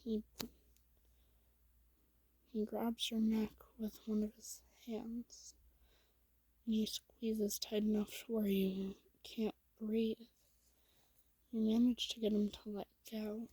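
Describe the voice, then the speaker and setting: Woman storyteller, whispered role-play; breathy, slow, flat delivery. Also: a little high, no room sound, rough recording. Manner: soft, hushed and slow, with small slips.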